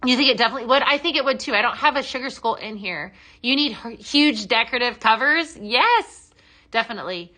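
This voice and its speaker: A woman's voice: on the high side, lively intonation, fairly quick, pushed and bright. A woman hosting a live shopping show, gushing over products with many ums and reading out viewer comments. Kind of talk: live product demo chat.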